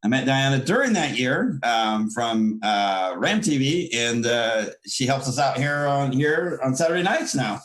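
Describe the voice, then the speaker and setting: A man hosting a casual call-in show, chatting easily and thinking aloud as he works the call software. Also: mid-range voice, lively intonation, measured pace, few pauses. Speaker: show host.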